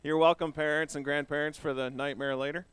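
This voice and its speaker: A man's voice: on the high side, level tone, brisk, a bit bright, clear, resonant tone, no echo. A man giving a children's sermon, playful and asking the children questions as he talks. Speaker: pastor giving a children's message.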